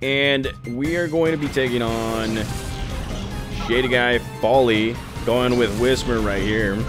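A man giving casual commentary over a video game walkthrough, talking straight to his viewers. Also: mid-range voice. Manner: chatty, talks to viewers as guys. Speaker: gaming youtuber.

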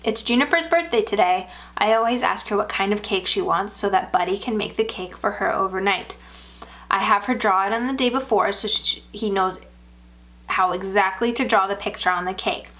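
A woman narrating a first-person horror story aloud in an even, measured way. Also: mid-range voice.

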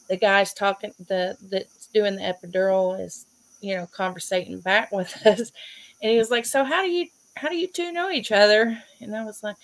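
A woman with a Southern US accent, hosting a stream and telling stories in a casual, animated way, laughing often. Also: medium pitch. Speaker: host. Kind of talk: casual storytelling chat.

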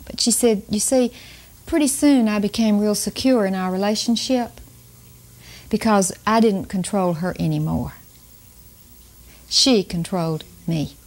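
An older woman teaching about parenting, telling family stories to an audience in a slow, emphatic way with chuckles. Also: mid-range voice. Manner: warm storytelling, slow emphatic delivery with chuckles. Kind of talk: storytelling talk to an audience.

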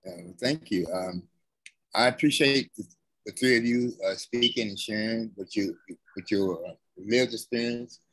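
Man, halting speech, aggrieved, dry close sound, online call. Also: lowish voice, fairly bright tone, no echo, low-quality recording. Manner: halting, searching for words, aggrieved. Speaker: conference attendee. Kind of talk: emotional personal testimony.

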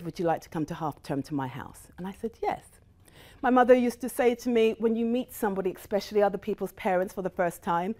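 A middle-aged woman addresses an audience with a lively, swooping voice that rises and falls. She tells her story with animation and drops briefly into the voices of the people she quotes. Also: mid-range voice. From United States. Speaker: guest speaker. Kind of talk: motivational talk to a live audience.

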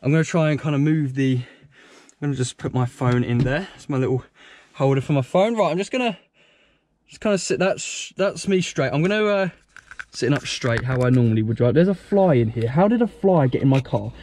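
A man's voice: mid-range voice, animated, a little fast, a little mellow, dry recording. A young man filming a casual vlog on a handheld phone, chatting to his viewers in a rambling way and calling them guys. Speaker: vlogger. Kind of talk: casual vlog chat to camera. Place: home, then outdoors by a car.

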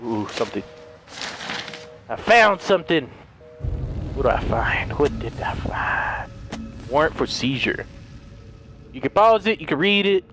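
A man's voice: on the high side, very animated, unhurried, long pauses, fairly bright tone, soft background music. A young man giving jumpy, profanity-laden commentary while playing a horror game, yelping when startled. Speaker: let's play gamer. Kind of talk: live gameplay commentary.

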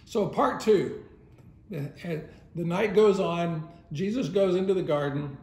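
A man's voice: high-pitched, a little slow, warm tone. A man teaching a Sunday school lesson in a casual, conversational way, often chuckling as he retells the story. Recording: roomy echo.

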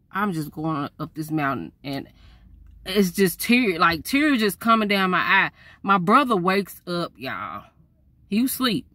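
A woman, telling a story to her viewers in a chatty, animated way. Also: medium pitch, no echo. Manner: lively, chatty, talks straight to viewers.

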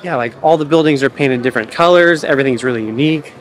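A man's voice: mid-range voice, fast. A young man chatting casually as he vlogs his travels, joking and rambling between meals and sights. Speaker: travel vlogger. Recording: handheld camera with ambient noise.

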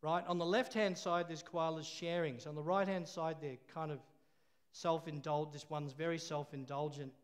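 A man's voice: a little high, steady tone, moderate pace. A man preaching a sermon, telling a story with laughs and call-and-response.

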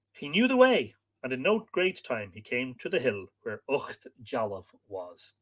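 Man, storyteller, live stream reading, lively pitch, chatty asides. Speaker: host and storyteller.

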